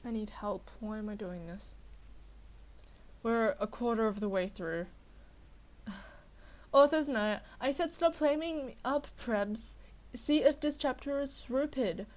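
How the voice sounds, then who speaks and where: A young woman with a slightly high voice and a sore throat gives a mock-dramatic comedic reading. She delivers the lines with exaggerated flair, then drops into exasperated, sarcastic asides. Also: animated, slow, pauses often, darkish tone. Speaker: dramatic reader of a fanfic.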